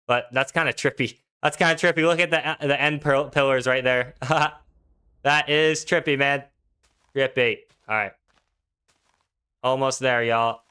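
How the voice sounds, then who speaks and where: A young man talks through his gameplay on a live stream, loose and slangy, reading out viewers' questions as he goes. His voice is bright and clean, sitting at an ordinary male pitch. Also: smooth. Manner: laid-back, slangy, chatty, reads chat aloud. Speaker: gaming streamer. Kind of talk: casual live-stream commentary.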